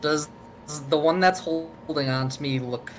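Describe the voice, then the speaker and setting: A man's voice: fairly high pitch, a little slow, soft background music. A man playing in a tabletop game, stating his actions and questions plainly. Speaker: player. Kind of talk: casual tabletop game play.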